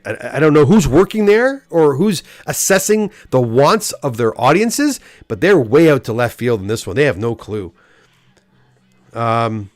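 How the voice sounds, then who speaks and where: A man's voice: medium pitch, no room sound, studio quality. A middle-aged man hosting a live stream, reading chat comments aloud and ranting with lots of stammered restarts. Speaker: host of comic live stream.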